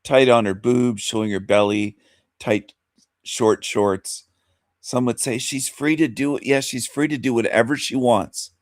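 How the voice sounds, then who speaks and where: A man's voice: medium pitch, steady tone, unhurried, no echo, studio quality. Rambling man hosting a talk show. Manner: rambling, repeats phrases, fires rhetorical questions. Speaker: radio show host. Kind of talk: opinionated monologue commentary.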